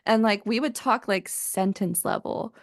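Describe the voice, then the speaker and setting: A woman co-hosting a casual podcast chat, her voice carrying a gravelly, creaky edge. She talks in a chatty, rambling way, full of fillers and restarts. The sound is dry and close, with no room around it. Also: medium pitch, unhurried, no room sound. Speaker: podcast co-host.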